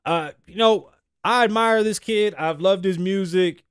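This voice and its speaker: A man hosting a podcast, talking in casual, profane, animated commentary and acting out quotes. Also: high voice, measured pace, clean tone, dry recording, clean studio sound. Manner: animated, swearing, joking, acts out quotes. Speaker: podcast host.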